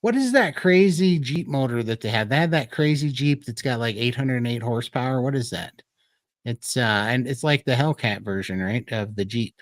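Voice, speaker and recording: A man's voice: mid-range voice, expressive, moderate pace, no echo. Chatty man, laughing, on a video call. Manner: chatty, laughs often, loose rambling asides. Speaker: co-host of a livestream show. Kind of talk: casual livestream chat.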